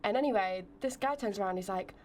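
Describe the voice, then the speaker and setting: A young British woman hosting a podcast, telling stories in a lively, casual way full of "like". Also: medium pitch, fast, slight background noise. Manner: lively storyteller, heavy use of "like". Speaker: podcast host.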